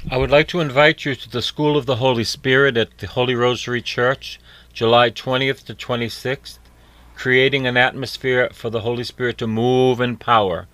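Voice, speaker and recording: A man on a radio show reads an event announcement in a measured way and slowly repeats the phone number. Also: mid-range voice, fairly even intonation, a bit bright, slight background noise. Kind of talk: spoken announcement.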